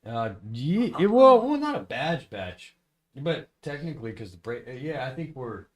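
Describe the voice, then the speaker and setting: A man on a podcast telling a story in casual chat, rambling and halting with many fillers and restarts. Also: medium pitch, very animated, a little mellow. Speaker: podcast host.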